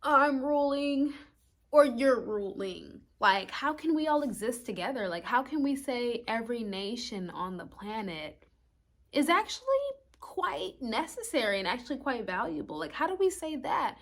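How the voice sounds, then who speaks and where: A woman's voice: fairly high pitch, sing-song, moderate pace, fairly bright tone. A young woman astrologer talking casually in a vlog, rambling through rhetorical questions and swearing now and then.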